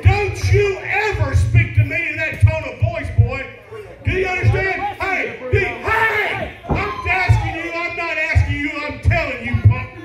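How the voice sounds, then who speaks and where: A man cutting a wrestling manager's promo, shouting insults at the crowd. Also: very high-pitched, moderate pace, dull audio. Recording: echoey arena with loud crowd and music.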